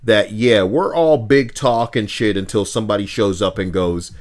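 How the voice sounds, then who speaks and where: A man live-streaming with a co-host, talking casually, animated, swinging from loud outbursts to muttering and swearing often. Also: lowish voice, moderate pace.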